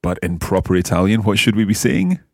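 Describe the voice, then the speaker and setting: A man's voice: lowish voice, big pitch swings, brisk, a little mellow, husky, no room sound, clean studio sound. A man hosting a language-lesson podcast as the teacher, with an enthusiastic, teacherly delivery.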